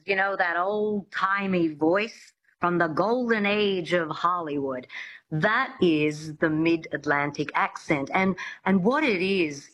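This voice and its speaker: A woman accent coach, a radio interview guest, explaining her subject. Her voice is on the low side, and she often stops and restarts as she searches for words. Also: a bit bright, poor audio. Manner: explanatory, with frequent hesitations.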